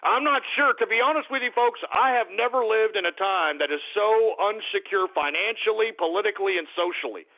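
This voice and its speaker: A man's voice: high voice, brisk, few pauses. A man hosting a talk radio show, ranting in a heated, profane way and stumbling over repeated words. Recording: narrow phone-like radio audio.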